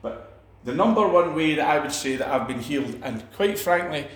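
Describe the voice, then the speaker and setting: A man's voice: on the high side, lively intonation, moderate pace, reverberant. A man preaching a sermon, emphatic, with repeated phrases and restarts.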